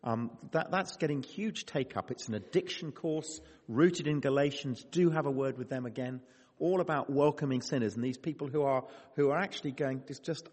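A man hosting a church conference, giving brisk announcements and leading an earnest opening prayer. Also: mid-range voice, a little mellow, slightly rough. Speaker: conference host. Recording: long hall reverb.

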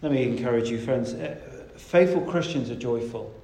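A man's voice: medium pitch, normal speed, mellow. Emphatic preacher man in an echoey room. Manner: conversational and emphatic, leaning hard on key words. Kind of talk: sermon.

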